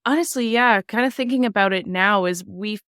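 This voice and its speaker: A woman's voice: medium pitch, fairly quick, fairly bright tone, smooth, dry recording, studio quality. A woman co-hosting a podcast in casual chat, playful and chatty, laughing often. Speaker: podcast co-host.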